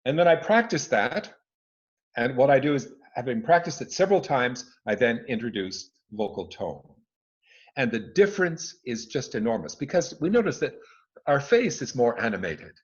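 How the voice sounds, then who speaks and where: A man explains his craft with a lively, swooping voice full of emphasis and restarts. He sits at home on a video call, and the audio comes through dull and lo-fi. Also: mid-range voice, moderate pace. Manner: expressive, emphatic, frequent restarts. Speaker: speaking coach and former conductor. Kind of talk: expert answering interview questions. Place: his living room at home.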